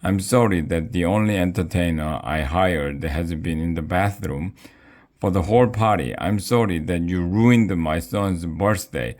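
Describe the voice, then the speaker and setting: A man voicing an exasperated father who shouts and rants at a failed party. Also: low-pitched, a little slow. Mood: ranting. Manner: shouting, ranting. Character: angry, exasperated dad throwing a party.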